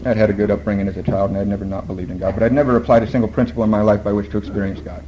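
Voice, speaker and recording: A man's voice: fairly low pitch, level tone, rapid-fire, warm tone, highs cut off, a little hiss or hum. A man speaking at a recovery meeting, telling his story in a storytelling way, quoting other people and laughing at his own lines.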